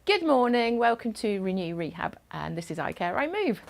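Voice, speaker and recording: A woman instructor leading a gentle chair exercise class over a video call, encouraging and instructive. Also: medium pitch, sing-song, normal speed, creaky.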